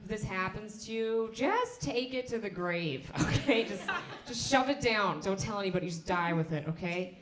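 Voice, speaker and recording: Young female comic, mid-pitched, frank and self-mocking, crowd work, echoey club mic. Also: lively intonation, moderate pace. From Argentina (family). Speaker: stand-up comedian. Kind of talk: stand-up set. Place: comedy club stage. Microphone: handheld stage mic. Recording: roomy club sound.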